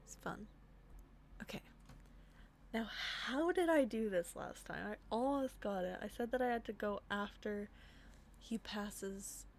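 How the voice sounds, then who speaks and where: Slow-talking young woman streaming a game. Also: medium pitch. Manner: talks to herself while playing, drops to whispers when sneaking. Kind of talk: casual gameplay commentary.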